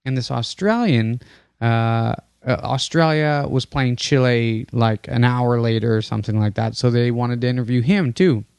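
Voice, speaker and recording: A young man with a gravelly, fry-tinged voice tells a comic story in a loose, rambling way. He swears freely and keeps restarting his sentences around plenty of fillers. The sound is dry and close to the mic. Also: medium pitch, moderate pace, darkish tone, no room sound. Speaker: podcast host.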